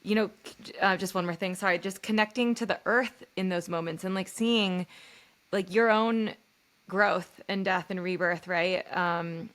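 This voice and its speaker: A woman with a fairly low voice speaks as a podcast guest. She is a spiritual coach, earnest and reflective, and her thoughts run on loosely with plenty of fillers. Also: steady tone, unhurried, fairly bright tone. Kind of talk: reflective conversation.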